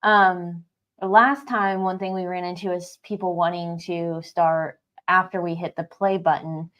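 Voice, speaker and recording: A woman's voice: lowish voice, fairly even intonation, measured pace, dull audio. Matter-of-fact woman reading chat aloud. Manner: matter-of-fact, reads viewer comments aloud. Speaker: livestream co-host reading chat. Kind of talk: casual chat.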